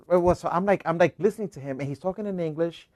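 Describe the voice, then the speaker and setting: Fast-talking man telling a rambling story. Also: a little high, dry recording. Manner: rambling storyteller, restarts and animated quoting. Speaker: podcast co-host. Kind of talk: casual chat.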